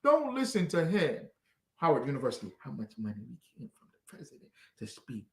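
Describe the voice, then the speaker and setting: A man preaching fiercely, swinging between shouts and low, muttered lines. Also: huge pitch swings, brisk, reverberant. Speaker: street preacher. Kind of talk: fiery street preaching.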